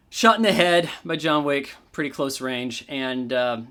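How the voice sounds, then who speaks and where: A man's voice: medium pitch, a little slow, hardly any pauses, fairly bright tone, smooth. A man giving a casual movie review, ranting sarcastically and swearing freely.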